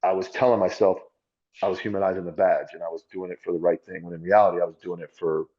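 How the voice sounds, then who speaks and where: Male ex-cop guest, deep raspy voice, candid and foul-mouthed, dull lo-fi sound. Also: fairly even intonation, fast, mellow. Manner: blunt, profane and self-critical. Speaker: podcast guest, former police officer. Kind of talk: candid conversational storytelling.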